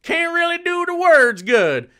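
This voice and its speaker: A man putting on a blustering Southern accent as a white Southern man who mocks a kid's writing, loud and drawling. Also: very high voice, very animated, a little slow, voice pushed up, heavily acted. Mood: mocking. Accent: American Southern, put on.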